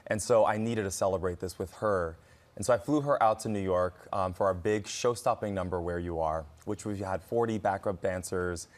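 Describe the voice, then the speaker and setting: A man's voice: sits low, moderate pace. A man, an actor guest, animatedly telling stories in a morning TV studio interview, laughing often. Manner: animated, expressive storyteller who laughs often.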